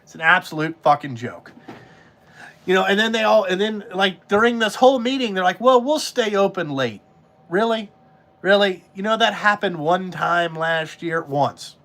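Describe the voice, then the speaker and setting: Profane, fed-up man, high voice. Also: moderate pace, a bit bright. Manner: profane, exasperated, blunt. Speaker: podcast host, trucking business owner. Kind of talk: casual ranting monologue.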